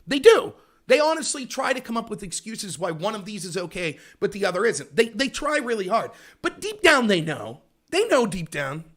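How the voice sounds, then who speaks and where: A man hosting a political livestream, talking in a sarcastic, animated way and mocking his opponents. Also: sits high, normal speed. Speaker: host of a political talk show.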